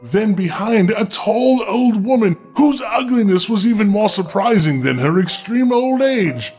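A man's voice: sits high, animated, a little slow, a little mellow, faint music behind. A man reading a fairy tale aloud for comedy, breaking off for sardonic asides to his listeners. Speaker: storyteller.

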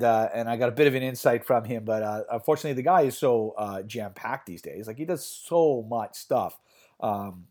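A man with a medium-pitched voice hosts a betting podcast, chatting casually and rambling with lots of fillers and restarts.

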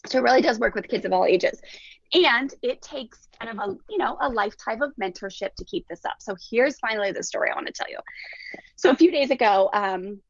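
Animated woman with a gravelly edge. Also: fairly high pitch, brisk. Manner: animated, acts out quotes in different voices. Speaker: parenting coach guest. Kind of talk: casual interview storytelling. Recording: dull dry lo-fi recording.

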